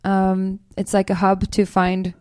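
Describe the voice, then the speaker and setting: A young European woman guest whose English leans American, easygoing and hedging, with lots of fillers as she thinks aloud. Her voice sits at a middle pitch. The sound is dry and close. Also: slow, clean tone, no room sound. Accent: European, American-leaning English. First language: not English. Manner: relaxed, hedging, many fillers. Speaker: musician guest. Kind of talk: casual interview chat.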